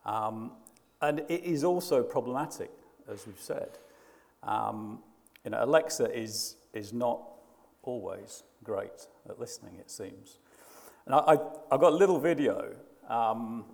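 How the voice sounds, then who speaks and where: A man's voice: mid-range voice, measured pace, gravelly, a little mellow, big-room sound. A man preaching a sermon, conversational and hesitant, often restarting his sentences. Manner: hesitant, frequent restarts and fillers.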